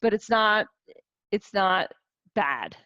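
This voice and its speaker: Animated woman in her forties. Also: mid-range voice, takes it slowly, no echo. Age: 40s. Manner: animated, many restarts and rhetorical questions. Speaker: wellness coach. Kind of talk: casual teaching talk to a group.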